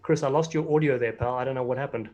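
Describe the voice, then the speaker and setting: A man's voice: medium pitch, quick pace, darkish tone, highs cut off. An American man in casual interview chat, a rugby commentator telling friendly anecdotes. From United States.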